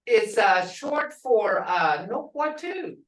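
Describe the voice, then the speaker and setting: A middle-aged woman teaches a language class at a deliberate, unhurried pace, saying each word and then repeating it for her students. Her voice sits in a middle range. The mic is a little distant and picks up a roomy echo. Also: medium pitch, sing-song. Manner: repeats words slowly for learners.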